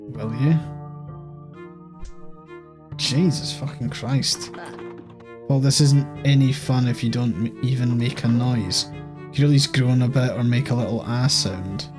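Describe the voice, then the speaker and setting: A Scottish man reading game dialogue aloud as a bitter, scheming old woman who scolds her husband, sharp and exasperated. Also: medium pitch, natural voice. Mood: scolding.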